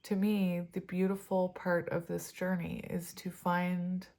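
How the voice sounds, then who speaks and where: A woman in her forties, chatting in a rambling, casual way with frequent soft laughs as she gives a tarot reading. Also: lowish voice, flat delivery, a little slow. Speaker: tarot reader.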